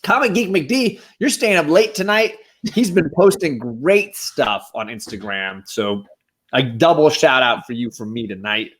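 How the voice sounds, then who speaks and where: Enthusiastic man giving live-stream shout-outs. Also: on the high side, lively intonation, measured pace, slightly rough. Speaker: guest co-host. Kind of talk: casual live-stream chat.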